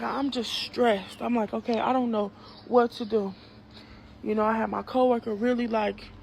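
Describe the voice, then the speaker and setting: A woman's voice: on the high side, gravelly, a little hiss or hum. A young woman, giving an earnest, emphatic personal testimony in a conversational preaching way. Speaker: nursing student sharing a testimony.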